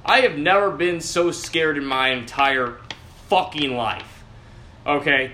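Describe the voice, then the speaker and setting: A young man hosting a casual show, ranting loudly and swearing constantly, with sudden jumps in pitch. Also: slow, a little hiss or hum. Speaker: podcast host.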